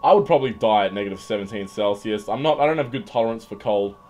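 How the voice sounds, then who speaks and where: A man's voice: fairly low pitch, expressive, fast talker, a little mellow, faint music behind. A young man hosting a casual livestream and reading out chat, jokey and irreverent, swearing freely and often repeating words as he talks. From Australia.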